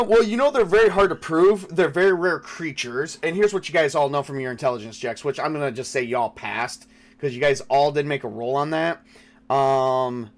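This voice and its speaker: Man gm narrating an online game, kinda high voice, lots of ums and restarts. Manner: halting, thinks aloud with fillers and restarts. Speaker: game master.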